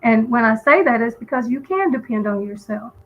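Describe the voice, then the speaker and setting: A woman's voice: a little high, expressive, brisk, muffled recording. A woman calling in to a live stream, telling a story in an earnest, emphatic way with frequent restarts. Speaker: guest caller on a live stream. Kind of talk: casual call-in chat.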